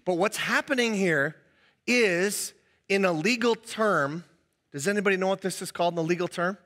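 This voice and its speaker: A middle-aged male pastor giving a conversational, animated sermon in a church, acting out the voices he quotes. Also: high-pitched, moderate pace, in a large hall. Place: church hall.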